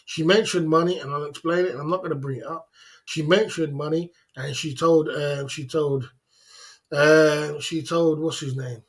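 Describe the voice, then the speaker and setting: A man's voice: on the high side, fairly even intonation, normal speed, slightly rough. Insistent man ranting to chat. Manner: repetitive, insistent, scolding. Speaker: livestream host. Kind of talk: casual livestream rant to chat.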